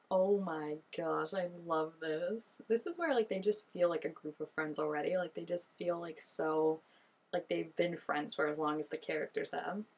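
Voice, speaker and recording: A woman's voice: deep voice, steady tone, unhurried, vocal fry, darkish tone. A young woman giving casual reaction commentary, chatty and gushing with lots of "like" fillers. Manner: chatty and gushing, many "like" fillers, laughs often. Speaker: reaction video host.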